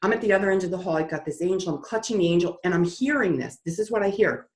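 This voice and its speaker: A woman guest telling stories in an interview, lively and dramatic, acting out the voices in her story. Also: lowish voice, quick pace, echoey room. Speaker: guest author.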